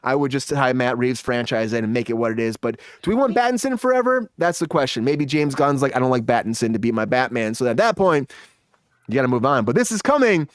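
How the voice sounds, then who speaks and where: A man's voice: medium pitch, animated, brisk, dry recording. A man hosting a live entertainment news show, speculating with enthusiasm in casual chat.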